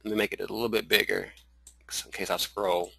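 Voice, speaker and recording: A man with a Southern accent teaching a live screen-share webinar, talking in halting runs full of restarts and fillers. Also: on the low side, level tone, gravelly, sharp tone, low-quality recording. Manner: halting, many restarts and fillers, addresses viewers as y'all. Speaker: online marketing trainer.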